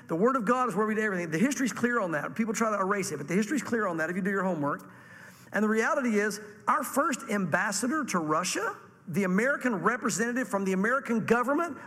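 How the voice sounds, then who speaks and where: A man preaching a sermon to a congregation, animated and acting out the voices he quotes. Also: high-pitched, big-room sound. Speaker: pastor.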